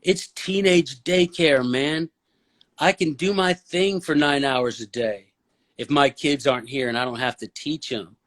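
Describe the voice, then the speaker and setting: A man speaking as a podcast guest, blunt and opinionated, with a preachy, forceful way of making his point. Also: a little high, a little slow. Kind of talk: casual podcast conversation.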